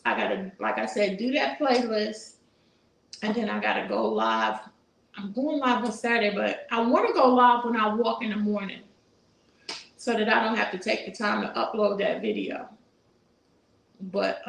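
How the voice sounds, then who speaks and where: A woman's voice: medium pitch, creaky, echoey room, rough recording. A woman in her sixties hosting a casual live stream, chatting with viewers and reading their comments aloud, with churchy asides. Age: 60s. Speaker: YouTube host reading live chat.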